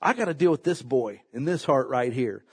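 A man preaching a sermon in an animated, emphatic way, swinging from loud high peaks to low asides. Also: a little fast, slightly rough.

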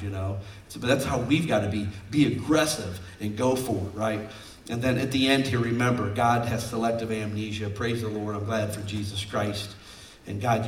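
A man preaching as a pastor, jokey and exhorting, with sudden loud outbursts, heard from off the microphone in a church hall. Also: fairly low pitch, far from the mic. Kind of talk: sermon. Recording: roomy sound from off-mic.

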